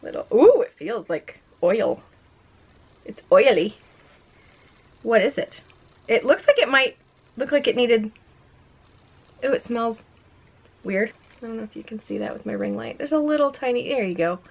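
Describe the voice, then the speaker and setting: A young woman vlogging a makeup unboxing at home in a chatty, excitable, self-mocking way. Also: fairly high pitch, unhurried, vocal fry, long pauses, muffled recording. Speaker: beauty vlogger. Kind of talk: casual unboxing vlog. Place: home room with a ring light.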